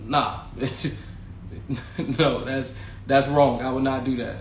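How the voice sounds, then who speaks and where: A man's voice: mid-range voice, flat delivery, slow, slight background noise. A man hosting a podcast, casually telling his own story, candid and slangy, swearing freely and talking straight to his viewers. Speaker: podcast host, former teacher. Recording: echoey room with faint ambience.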